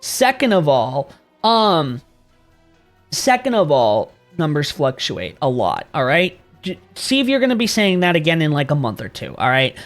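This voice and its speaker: A man's voice: fairly high pitch, wildly swooping pitch, moderate pace, soft background music. A man streaming and chatting casually with viewers, rambling, swearing freely and laughing often.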